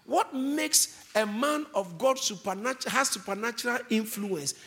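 A man's voice: sits high, animated, a little slow, creaky, a bit bright. A man preaching a sermon, emphatic, stretching out key words for weight.

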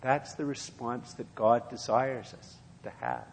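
A man's voice: mid-range voice, sing-song, measured pace, creaky, slight background noise. A man preaching a sermon and reading scripture aloud, in an earnest, repetitive preaching cadence. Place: church. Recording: long hall reverb.

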